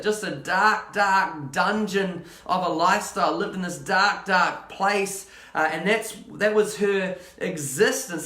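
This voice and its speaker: A man's voice: sits high, fairly bright tone, reverberant. A man preaching a sermon, impassioned and repetitive, building in intensity as he speaks.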